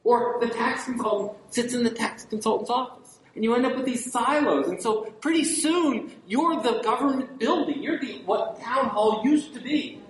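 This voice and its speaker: A man giving a conference lecture to librarians, animated, with rhetorical questions and wry asides. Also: very high voice, moderate pace, few pauses. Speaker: keynote speaker to librarians. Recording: very echoey hall with faint noise.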